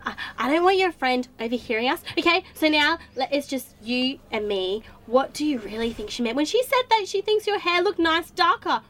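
A bubbly, ditzy young woman chatters in a gushing, giggly way, played by a woman. Her voice sits high and swoops all over the place. It is a comedy audio drama. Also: lively intonation, moderate pace, few pauses, fairly bright tone.

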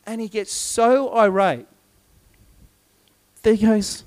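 A man preaching a sermon, retelling a story in a lively way and acting out the voices of its people. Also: sits high, measured pace, long pauses.

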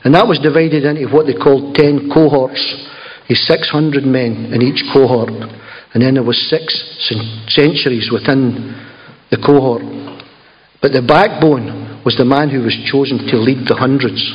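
A man's voice: medium pitch, steady tone, unhurried. A man preaching a sermon in a conversational, emphatic storytelling manner with asides. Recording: slightly dull lo-fi recording.

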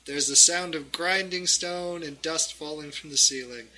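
Bright-voiced man running a tabletop game. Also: a little high, a little slow. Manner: laughs often while narrating. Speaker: game master.

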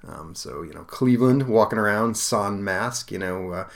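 A man's voice: on the low side, moderate pace, vocal fry. A man co-hosting a podcast, reading comic book dialogue aloud and acting out the characters, with many fillers. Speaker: podcast co-host. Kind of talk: casual comic book read-along.

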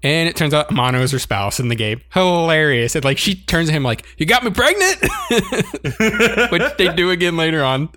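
A man's voice: a little high, quick pace, hardly any pauses, a bit bright, dry recording. A man co-hosting a casual chat, animatedly recapping an anime episode and laughing often as he reads out scenes. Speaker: podcast co-host.

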